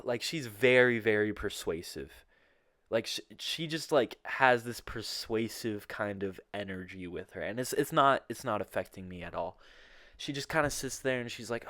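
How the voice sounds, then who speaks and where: A young man casually telling a personal story, with animated, profane delivery and imitated voices. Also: on the low side, a little slow, no room sound, studio quality.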